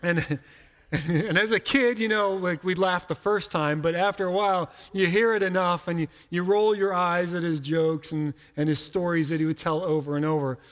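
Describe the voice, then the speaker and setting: A middle-aged male pastor delivers a sermon in a loose, conversational manner, stumbling over and repeating words as he starts his thoughts. His voice sits a little high for a man, and a long reverb from the large hall trails after each phrase. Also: fairly even intonation, normal speed, a bit bright.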